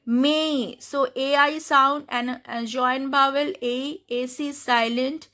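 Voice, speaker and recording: A woman with an Indian English accent teaching French pronunciation step by step, spelling out letters and repeating each word slowly. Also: sits high, fairly even intonation, bright, forceful tone. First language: Hindi. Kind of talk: slow step-by-step pronunciation lesson.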